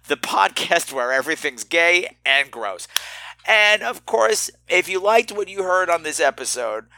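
A man's voice: high voice, gravelly, sharp tone, no echo. A middle-aged man hosting a horror podcast, campy and theatrical with self-mocking asides. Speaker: podcast host. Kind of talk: horror podcast listener feedback and sign-off.

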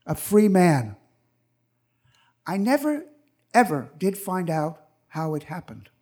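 A man's voice: high voice, a little mellow. A man in his eighties telling a personal story on stage at a live event, vivid and acting out the people in it. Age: 80s.

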